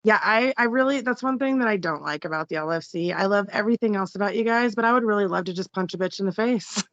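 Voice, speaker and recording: A young woman talks as a podcast guest in an upbeat, chatty way, often breaking into laughs. Her voice is bright and forceful. The audio sounds dull and lo-fi, with a dry, close feel. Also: medium pitch, fast, no echo. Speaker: podcast guest, fighter and law student. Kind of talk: casual interview chat.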